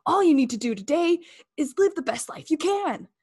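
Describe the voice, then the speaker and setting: A woman's voice: sits high, expressive, moderate pace, a little mellow, pitched above the performer's own voice. A woman doing an impression of an upbeat male talk-show host, eager and encouraging.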